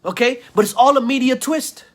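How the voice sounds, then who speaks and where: A man's voice: extremely high pitch, fairly quick. A man ranting in a video commentary, insulting his listeners, repeating himself and stammering through restarts. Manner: insulting, repetitive, heated rant. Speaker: vlogger.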